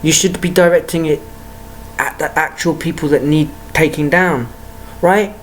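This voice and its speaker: A woman's voice: deep voice, fairly even intonation, normal speed, slight background noise. A woman ranting to camera in a heated, profane monologue full of rhetorical questions. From United Kingdom. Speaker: vlogger.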